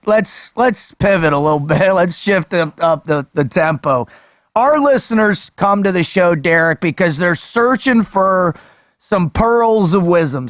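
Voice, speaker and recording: High-pitched man hosting a podcast, hyped and casual, dry sound. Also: a bit bright, no room sound. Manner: hyped, calls guest bro and dude. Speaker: podcast host, former instructor.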